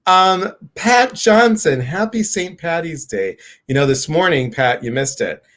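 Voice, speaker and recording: An excited, bubbly man hosting a casual live stream. He greets viewers one by one with lively enthusiasm. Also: fairly high pitch, unhurried.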